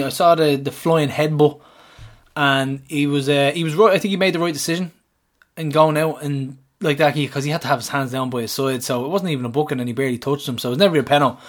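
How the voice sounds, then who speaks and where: Excitable man chatting football. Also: a little high, fast. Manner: excitable, swearing, laughs often. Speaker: podcast co-host. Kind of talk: casual football chat.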